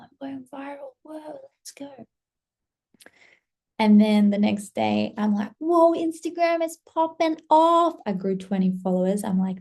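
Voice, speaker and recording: Gravelly-voiced woman telling a casual vlog story. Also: medium pitch. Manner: animated, swearing, acting out past excitement in quoted asides. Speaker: content creator.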